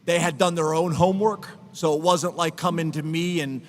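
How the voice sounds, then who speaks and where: A man's voice: a little high, fairly even intonation, normal speed. A middle-aged man speaking as head football coach at a press conference, earnest and emotional, choking up at times. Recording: long hall reverb.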